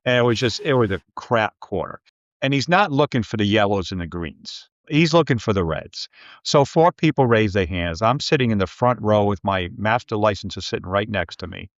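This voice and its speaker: Male business coach, low voice, lively storyteller who mimics others; dull, dry recording. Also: moderate pace, dry recording. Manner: lively storyteller who acts out quoted people. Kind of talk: storytelling in a podcast interview.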